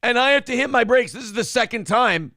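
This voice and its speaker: A middle-aged man with a very high voice co-hosts a casual podcast, speaking a little fast as he tells animated stories and swears freely. The recording is clean studio sound with no echo.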